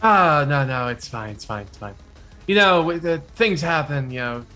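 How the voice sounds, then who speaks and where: Bright-voiced man playing a tabletop game. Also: a little high, lively intonation, normal speed, soft background music. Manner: evasive, rambling and hesitant. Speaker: player. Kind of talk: in-character tabletop play.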